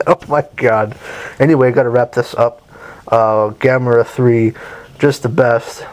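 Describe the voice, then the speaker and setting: A man's voice: medium pitch, steady tone, measured pace, a little mellow. A young man giving a rambling, enthusiastic spoken movie review, swearing casually as he goes.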